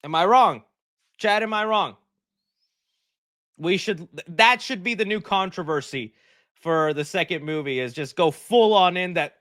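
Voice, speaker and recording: A man hosting a livestream, talking in a rambling, joking, animated way at his desk mic. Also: high voice, unhurried, pauses often, no echo, clean studio sound. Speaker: livestream host. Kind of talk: casual livestream chat.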